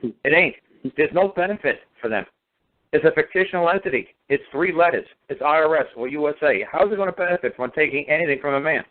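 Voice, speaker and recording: A man's voice: on the high side, animated, quick pace. A man talking in a casual radio conversation, emphatic and sarcastic, repeating his points over and over. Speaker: guest speaker on law. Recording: tinny phone line.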